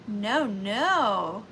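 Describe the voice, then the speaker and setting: A high-voiced woman with a Southern US accent runs a live vintage sale, chatting to buyers in a playful sing-song way. She talks at an easy, unhurried pace. Clear background noise runs under her voice. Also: lively intonation, pushed and bright. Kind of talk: live auction stream chat.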